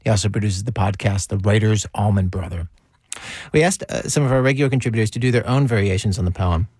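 A man's voice: lowish voice, fast, a little mellow, breathy edge, dry recording. A man hosting a radio show, chatting with a guest and introducing segments. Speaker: radio host. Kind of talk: scripted radio presenting and chat.

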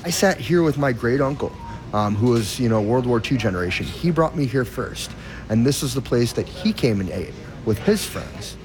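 A man's voice: medium pitch, expressive, normal speed, music in the background. Food influencer guy, earnest and heartfelt, mid-range voice. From Detroit. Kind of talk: interview.

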